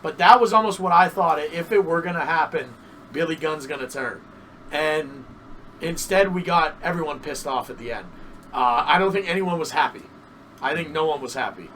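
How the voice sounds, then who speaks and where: Animated man in casual podcast chat. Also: a little high, moderate pace, far from the mic, a little hiss or hum, rough recording. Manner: animated, swears freely, repeats himself. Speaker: podcast co-host.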